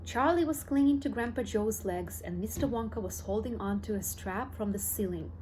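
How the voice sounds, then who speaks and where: A woman narrating a children's storybook in a steady, clear read-aloud delivery. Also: medium pitch, moderate pace, slight background noise, poor audio. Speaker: audiobook reader.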